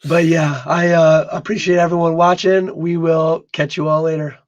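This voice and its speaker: A hoarse man who has lost most of his voice, co-hosting a casual livestream podcast and often stumbling and repeating his words. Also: fairly high pitch, little pitch movement, normal speed, muffled recording. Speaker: podcast co-host.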